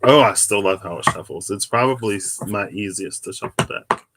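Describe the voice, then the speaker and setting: In a very noisy recording, a man with a voice on the low side shuffles and draws tarot cards for a casual reading vlog. He talks at a moderate pace, rambling and correcting himself as he goes.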